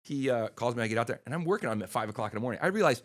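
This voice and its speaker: A middle-aged man, a chiropractor guest on a podcast, telling stories in a casual, animated way and acting out the dialogue he recounts. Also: mid-range voice, very fast. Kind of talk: casual storytelling interview.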